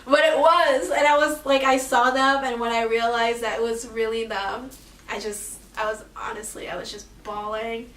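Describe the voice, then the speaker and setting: A woman in a casual vlog, telling an emotional story expressively and often trailing off softly. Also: on the high side, fairly even intonation, moderate pace, distant mic. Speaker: vlogger. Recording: echoey room, camera mic from afar.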